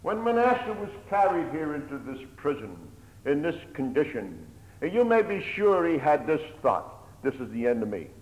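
A man preaching a sermon, swinging between loud pleading and hushed near-whispers, with old-fashioned pulpit phrasing that keeps calling his listeners "my hearers". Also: on the high side, big pitch swings, moderate pace, dull audio. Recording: echoey hall, long reverb.

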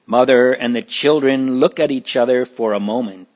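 A man narrating a chapter of a moral storybook in a plain, deliberate manner. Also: mid-range voice, a little mellow.

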